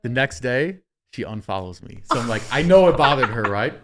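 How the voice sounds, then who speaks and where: A young man hosting a podcast, telling a story in a casual, animated way, swearing freely and acting out what people said. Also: medium pitch, a little fast. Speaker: podcast host.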